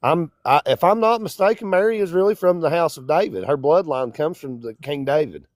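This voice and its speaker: A man's voice: fairly high pitch, lively intonation, a little fast, darkish tone, no echo. A man from Kentucky with a Kentucky accent, calling in to a debate stream just out of bed, rambling and stumbling over his words. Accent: Kentucky, near the Tennessee line. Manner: rambling, stumbling, self-deprecating. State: just woke up. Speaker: caller. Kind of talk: casual debate call-in.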